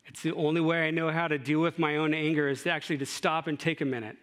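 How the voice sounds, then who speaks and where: A man's voice: fairly high pitch, fast, few pauses, fairly bright tone. Man preaching a casual sermon. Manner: conversational, with asides and rhetorical questions. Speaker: pastor.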